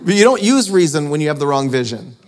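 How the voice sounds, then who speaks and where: A man's voice: on the high side, very animated, fast talker. A man preaching a storytelling sermon, chatty and self-mocking, often laughing at his own story. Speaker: preacher and author.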